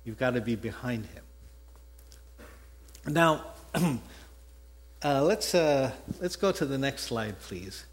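A man's voice: mid-range voice, expressive, slow pace, long pauses. A man with a Texan accent, a pastor giving a conversational sermon that mixes scripture with a personal story, often correcting himself mid-sentence. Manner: conversational, self-correcting, chuckles at his own stories.

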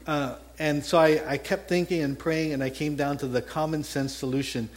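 With a higher-pitched voice at a moderate pace, a pastor with a Texan accent mixes scripture and a personal story in a conversational sermon. He frequently corrects himself mid-sentence and chuckles at his own stories.

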